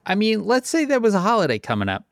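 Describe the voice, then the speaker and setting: Gravelly joking man hosting a podcast. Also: high voice, fast, no echo, studio quality. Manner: joking and animated. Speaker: podcast host. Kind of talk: casual podcast chat.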